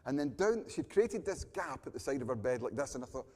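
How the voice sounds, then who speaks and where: Scottish pastor preaching in a ringing hall. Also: male voice, a little high, fast, hardly any pauses. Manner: animated storyteller, drops to hushed emphasis. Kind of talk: sermon storytelling. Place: church hall. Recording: long church hall reverb.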